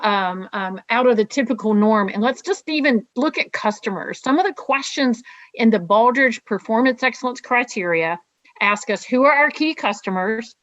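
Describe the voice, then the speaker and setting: Female webinar co-presenter, higher voice, explanatory, muffled call audio. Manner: explanatory, poses guiding questions. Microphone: video call with camera off. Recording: dull lo-fi web call audio.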